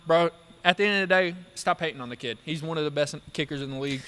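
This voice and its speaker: A man with a high voice rants on a casual sports podcast. He talks in fired-up bursts and drops slang all the time. Every point comes with heat. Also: fast talker, bright, forceful tone, clear, resonant tone. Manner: fired-up, ranting, says bro a lot. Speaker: podcast co-host.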